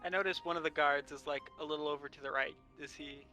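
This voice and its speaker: Bright-voiced man asking about rolls. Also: fairly high pitch, steady tone, fast, faint music behind. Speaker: player. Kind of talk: casual table talk about dice rolls.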